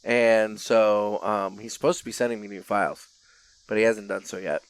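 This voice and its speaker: A man hosting a podcast in casual chat, relaxed and easygoing, with frequent fillers. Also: on the low side, moderate pace, clear, resonant tone, no room sound. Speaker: podcast host.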